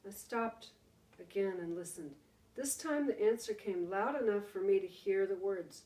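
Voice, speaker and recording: A woman teacher reading a storybook aloud to her class, slow and dramatic, with hushed pauses. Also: mid-range voice. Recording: roomy, distant mic.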